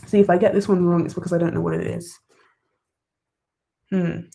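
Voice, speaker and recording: A young woman on a live study stream, reading questions aloud and reacting with bursts of excitement as she talks to her viewers. Her voice sits a little low for a woman. She sounds like she is at her desk at home. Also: brisk, creaky. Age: young adult. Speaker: study vlogger. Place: bedroom desk, wrapped in blankets.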